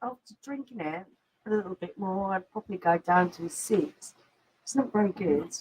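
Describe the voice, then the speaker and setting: A woman co-hosting a casual live stream from home, relaxed, making dry remarks. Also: medium pitch, moderate pace, a little hiss or hum, poor audio. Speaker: co-host. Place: home sitting room.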